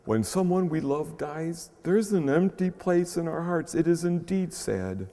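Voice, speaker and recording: A man, a pastor, preaching earnestly with slow pauses and swelling emphasis, and speaking gently to children. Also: on the high side, animated. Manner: gentle, playful talk to children. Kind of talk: sermon. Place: large church shrine. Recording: long echo of a large church.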